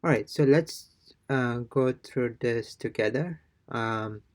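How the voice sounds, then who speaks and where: Man, online language tutor, unhurried delivery, halting explanations, mid-pitched voice. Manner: halting, many fillers and restarts, explains by reading from notes. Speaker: Spanish teacher. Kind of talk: online pronunciation lesson.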